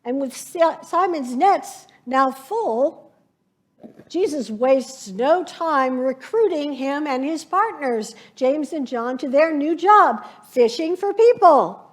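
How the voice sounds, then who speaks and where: A woman pastor preaching a sermon, slow and reflective, painting scenes from scripture for her congregation. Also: high voice, lively intonation.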